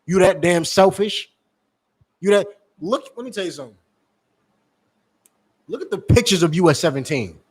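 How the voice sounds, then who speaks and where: A street preacher, talking in a forceful, scolding rhythm. His voice sits slightly high, and he keeps circling back to the same lines. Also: lively intonation, moderate pace, long pauses, breathy edge.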